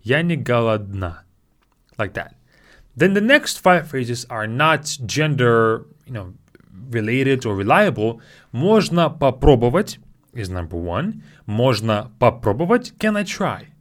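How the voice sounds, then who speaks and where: A man teaching a spoken language lesson, patiently repeating each phrase slowly and explaining it into his own microphone. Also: medium pitch, big pitch swings.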